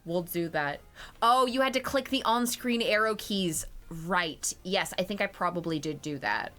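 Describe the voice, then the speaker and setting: A young adult woman streaming a game, talking casually, excitable and swearing freely. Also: on the low side, measured pace, soft background music.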